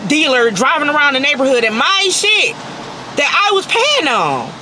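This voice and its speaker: Angry woman vlogger, high bright voice, profane and emphatic, with faint noise behind. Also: very animated, normal speed. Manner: profane, emphatic, repeats herself for force. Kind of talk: angry personal rant to camera.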